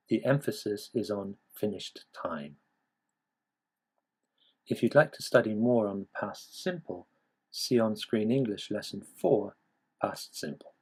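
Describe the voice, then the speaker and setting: Husky man explaining a grammar lesson. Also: on the low side, a little mellow, low-quality recording. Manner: measured, explanatory. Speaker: English teacher. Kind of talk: scripted lesson narration.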